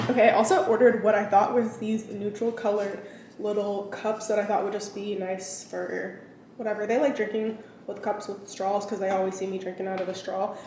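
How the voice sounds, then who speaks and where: A woman's voice: medium pitch, dark tone, recorded from a distance. A young woman, a mother, rambling casually through a shopping haul at home, full of "like", to a camera set down nearby. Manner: chatty and rambling, lots of "like". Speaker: vlogger, mother. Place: at home, indoors. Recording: very echoey room, off-mic, noisy.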